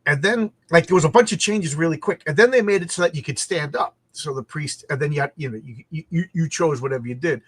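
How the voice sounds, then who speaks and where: Brief: animated male host, slightly high voice, dry close podcast mic, stumbling restarts and laughter. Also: fast, hardly any pauses, husky, no echo. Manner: animated, laughing, repeats words when starting sentences. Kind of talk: casual storytelling chat.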